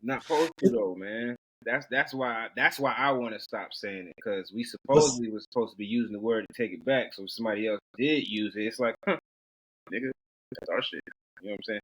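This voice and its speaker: A man's voice: on the low side, fast, hardly any pauses, fairly bright tone, breathy edge, low-quality recording. A man in a casual group discussion, talking earnestly and thoughtfully in slang. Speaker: podcast co-host.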